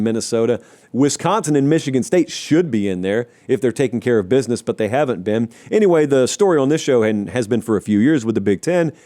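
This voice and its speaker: Male sports-talk host, mellow tone, opinionated and conversational. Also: medium pitch. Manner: opinionated, conversational, wry asides to producers. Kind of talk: solo sports talk commentary.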